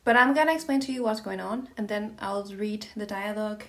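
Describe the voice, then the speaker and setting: A woman's voice: medium pitch, fairly quick, fairly bright tone. A woman co-hosting a podcast in casual chat, giggly and full of fillers. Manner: giggly, chatty, many fillers like "like" and "uh". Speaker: podcast co-host.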